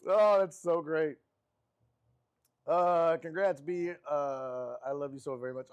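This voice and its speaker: A man hosting a sports live stream, reading viewer messages aloud in an animated, affectionate way. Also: moderate pace. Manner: animated and affectionate, with frequent laughs and pitch jumps.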